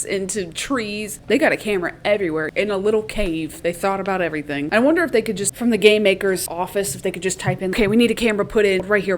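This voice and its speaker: A young adult woman gives a casual spoken recap of a story, chatty and animated, tossing in a curse now and then. Her voice sits at a middling pitch for a woman. A faint low rumble hums underneath. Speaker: YouTuber recapping a book series.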